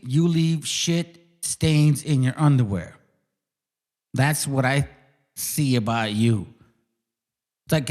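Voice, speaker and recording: A man's voice: mid-range voice, darkish tone. A man hosting his channel, delivering a combative, profane and mocking livestream rant. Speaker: channel host.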